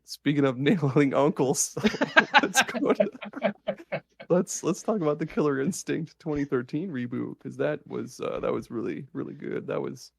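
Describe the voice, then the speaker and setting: A man co-hosting a podcast in casual chat, excited and swearing freely as he rambles. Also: a little high, moderate pace, gravelly, slightly rough, no room sound, clean studio sound. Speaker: podcast co-host.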